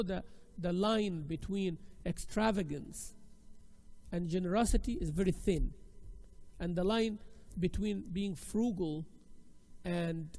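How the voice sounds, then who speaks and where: Male teacher, high-pitched and animated, talks casually with his class and acts out examples. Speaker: Islamic studies teacher. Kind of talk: classroom lecture.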